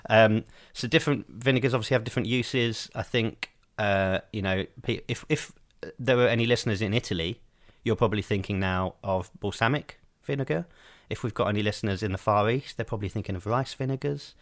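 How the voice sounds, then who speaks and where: Male podcast co-host, low, dry close mic, hesitant ramble. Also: a little fast, few pauses, no room sound. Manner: rambling, hesitant, many ums. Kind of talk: casual chat.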